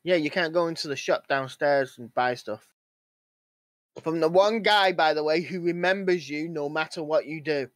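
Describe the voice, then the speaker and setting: A man co-hosting a gaming podcast, telling animated stories and acting out characters in casual chat. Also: fairly high pitch, moderate pace, dry recording. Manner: animated storytelling, acts out characters. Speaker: podcast co-host.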